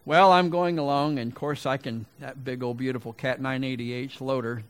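A man's voice: mid-range voice, steady tone, normal speed, smooth. A middle-aged man preaching a sermon, telling a folksy personal story and then asking rhetorical questions. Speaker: pastor.

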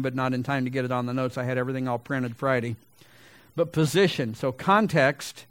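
A middle-aged pastor preaching a sermon loudly and with emphasis, his voice a little gravelly and building to big swells. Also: mid-range voice, dry recording.

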